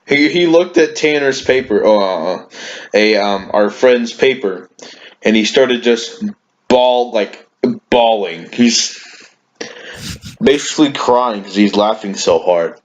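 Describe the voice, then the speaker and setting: A man's voice: fairly low pitch, slow. Giggly lo-fi podcast guy. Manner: giggly, rambling storyteller. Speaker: podcast co-host. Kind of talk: casual chat. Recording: dull lo-fi with faint hiss.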